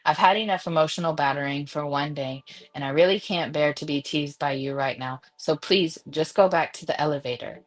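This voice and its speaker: A woman's voice: sits low, a little fast, poor audio. A woman reading the lines of a tipsy, bold young heroine in a romance novel. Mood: defiant.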